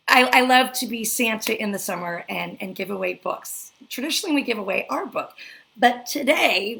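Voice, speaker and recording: A woman's voice: a little high, creaky, fairly bright tone, rough recording. A woman hosting a live online interview, effusive and emotional, reading a viewer's letter aloud. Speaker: host.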